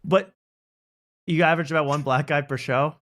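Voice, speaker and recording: A man's voice: fairly high pitch, steady tone, normal speed, a bit bright. A man co-hosting a casual podcast, joking and laughing between lines.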